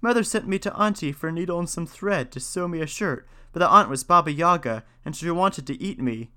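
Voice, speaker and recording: A man's voice: on the high side, animated, a little fast, sharp tone, clear, resonant tone, pitched above the performer's own voice. A man reading a folktale aloud, voicing a frightened young peasant girl with a raised, polite and pleading voice. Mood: relieved.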